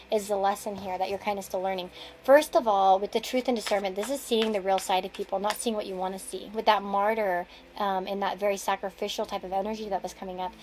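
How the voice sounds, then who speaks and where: A woman's voice: medium pitch, darkish tone, slight background noise, rough recording. Rambling woman giving a tarot reading. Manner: rambling, restarts sentences, chuckles between thoughts. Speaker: tarot card reader. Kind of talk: casual tarot reading to camera.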